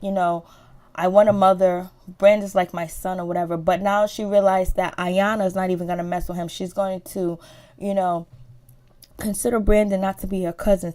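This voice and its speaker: A woman giving a casual, chatty recap of a reality show, swearing freely and acting out the people's lines. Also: warm tone. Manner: chatty, swearing, acts out quotes with rising pitch.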